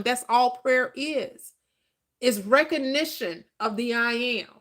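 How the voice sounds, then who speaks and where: A woman's voice: fairly high pitch, slow, fairly bright tone. A woman teaching about manifestation in a preacher's style, emphatic and repetitive, asking questions and answering them herself. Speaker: spiritual teacher.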